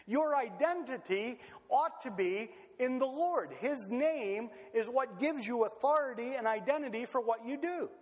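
A man preaching a sermon in a lively, conversational way, full of rhetorical questions. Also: extremely high pitch, measured pace, few pauses. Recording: long hall reverb.

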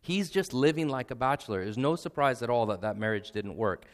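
A man's voice: mid-range voice, expressive, a little fast. A man, perhaps in his thirties, preaching a sermon in an earnest, conversational way, often adding "right?" and at times close to tears. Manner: earnest and emotional, nearly tearful at times; conversational, with frequent "right?" asides and repetition. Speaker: pastor.

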